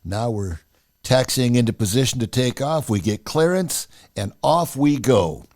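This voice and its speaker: Animated male storyteller with lively pitch. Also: unhurried. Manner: animated, acts out the dialogue. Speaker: podcast host. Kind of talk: casual personal storytelling.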